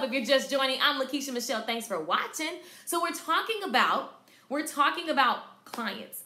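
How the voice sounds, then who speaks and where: A Southern American woman who runs a salon, teaching a live-streamed marketing class in an energetic, emphatic way, repeating her points. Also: high voice, moderate pace. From Southern United States. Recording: echoey room.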